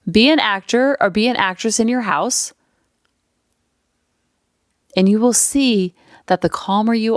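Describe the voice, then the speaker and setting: A woman's voice: mid-range voice, no room sound. A woman hosting a parenting podcast, talking casually and earnestly into a close mic. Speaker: podcast host, parenting coach. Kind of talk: casual solo podcast talk.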